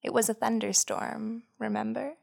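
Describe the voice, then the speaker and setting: A woman hosting a podcast, giving scripted, measured narration that explains ideas and tells a story. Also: on the high side, little pitch movement, gravelly, a little mellow.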